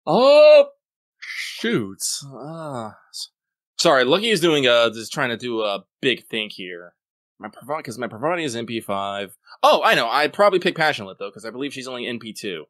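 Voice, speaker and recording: A man's voice: mid-range voice, expressive, brisk, bright, forceful tone, no room sound. A man co-hosting a podcast, reading listener mail and chatting casually, swearing and rambling as he goes. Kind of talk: casual chat.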